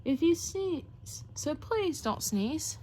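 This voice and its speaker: A woman voicing a worried hippopotamus in a children's storybook, slow and pleading. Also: sits high, animated, dark tone, slight background noise, pitched above the performer's own voice.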